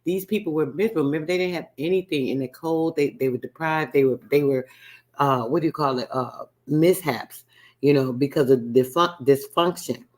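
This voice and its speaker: A man hosting a radio show, casually reacting to a recording he plays, thinking aloud and excitable, with asides and restarts. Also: fairly high pitch, a little fast.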